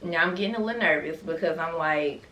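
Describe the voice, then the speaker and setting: A woman with a fairly low voice tells her story in a loose, chatty vlog style and keeps turning to her viewers. The sound is roomy and echoey. She is picked up from some distance from the mic. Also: fast talker, fairly bright tone. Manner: chatty, talks straight to viewers with frequent asides. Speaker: mother sharing her birth story.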